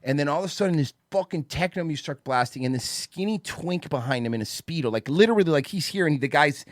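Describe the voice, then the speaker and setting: Fast, lively-talking podcast man. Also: on the high side, dry recording, studio quality. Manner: animated storyteller who acts out other people's shouts. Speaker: podcast host. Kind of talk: casual podcast chat. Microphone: studio microphone.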